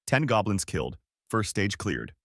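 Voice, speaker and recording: A man voicing a game's system announcer, listing notices in an even announcer delivery, recorded dry and close. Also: on the low side, moderate pace, gravelly, slightly rough, no room sound, heavily acted. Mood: announcing. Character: flat game system announcer, neutral machine.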